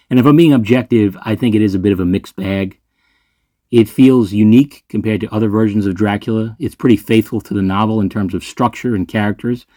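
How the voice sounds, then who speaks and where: A man hosts his own movie ranking video, delivering list commentary in a sarcastic, ranting style and swearing freely. His lowish voice is warm, recorded in clean studio sound with no echo.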